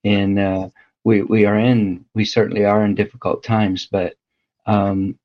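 Man, lowish voice, hesitant reflective talker, dull lo-fi audio. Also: flat delivery. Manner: hesitant, halting, many fillers. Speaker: home church leader. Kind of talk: reflective casual talk.

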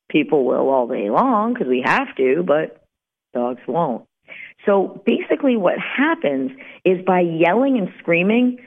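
A woman radio host giving dog-training advice in a lively, conversational, lightly joking way. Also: deep voice. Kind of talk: radio talk show monologue. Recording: tinny phone-like radio line.

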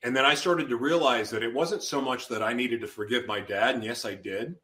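Man, bright forceful voice, intense personal testimony, storytelling guest. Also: mid-range voice, fairly quick. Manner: intense, storytelling, acts out his own past outbursts. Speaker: podcast guest.

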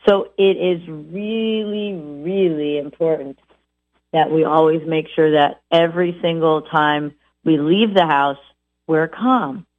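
A woman dog trainer giving an animated instructional talk, acting out owners by repeating words over and over. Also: deep voice, slow pace, no room sound. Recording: tinny phone-like audio.

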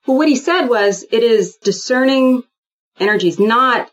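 A woman guest in a casual spiritual chat, rambling and animated, often acting out quoted dialogue. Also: on the high side, a little slow, highs cut off.

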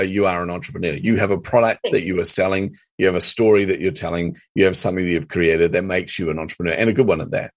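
Fast-talking, emphatic low-voiced man. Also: no room sound, studio quality. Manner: energetic, emphatic, laughs often. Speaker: guest, marketing coach. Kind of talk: casual interview chat.

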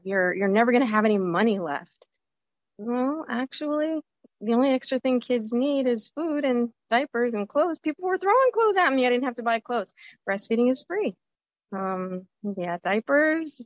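A woman's voice: fairly high pitch, dry recording, lo-fi sound. A woman in her forties hosting her own show, talking candidly and animatedly outdoors, sometimes slipping into the voices of people she remembers. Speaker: podcast host. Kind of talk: casual personal monologue. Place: outdoors at a zoo by a lake.

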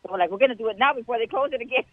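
A woman's voice: fairly high pitch, fast talker, no room sound. Chatty woman on a phone line. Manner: chatty, animated storytelling with laughs. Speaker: guest caller sharing a testimony. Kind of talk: casual testimony.

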